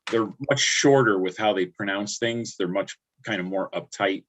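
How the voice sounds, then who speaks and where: A man's voice: fairly low pitch, moderate pace, a bit bright, slight background noise. A man from upstate New York chatting casually on a livestream, rambling and restarting his words often. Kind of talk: casual chat.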